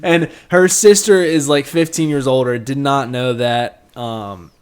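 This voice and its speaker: A man's voice: medium pitch, measured pace, clean tone. Tipsy twenties guy, rambling, crude podcast storyteller. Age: 20s. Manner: rambling, profane, laughing at his own story. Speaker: podcast co-host. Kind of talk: casual storytelling.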